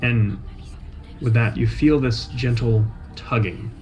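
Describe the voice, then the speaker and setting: A man narrating a tabletop game as game master, describing scenes in a measured, atmospheric way. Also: mid-range voice, a little mellow, highs cut off. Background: faint soundtrack music.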